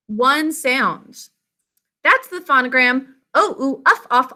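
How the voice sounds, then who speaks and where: A woman teaching an online spelling lesson to children over a video call, sounding out words slowly and giving frequent praise. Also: high voice, very animated, pushed and bright. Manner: slow, deliberate enunciation with praise.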